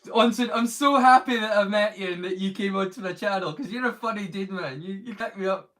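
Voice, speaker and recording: A man's voice: high-pitched, brisk, fairly bright tone. A man hosting a live stream, chatting casually and rambling while he reads the chat aloud.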